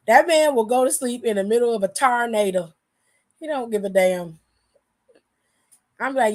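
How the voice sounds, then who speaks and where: A woman co-hosting a show aftershow in casual chat, animated and profane, often laughing as she talks. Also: on the high side, moderate pace. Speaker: aftershow co-host.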